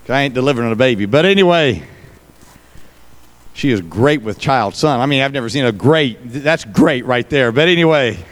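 A man's voice: medium pitch, expressive, normal speed. A male pastor preaching a sermon, folksy, with joking asides to the congregation.

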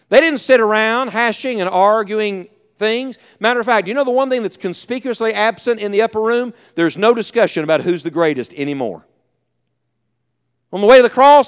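A man preaching a sermon, asking the congregation rhetorical questions, dropping to a hushed voice and then swelling loud. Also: high-pitched, clean tone. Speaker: pastor.

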